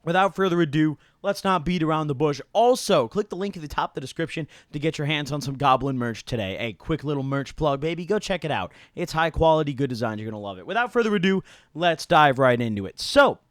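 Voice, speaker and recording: A man's voice: on the high side, expressive, fast talker, few pauses, no echo, clean studio sound. A young man telling a rambling, slang-heavy story to his viewers, full of "like" and "dude" and casual swearing. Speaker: YouTuber.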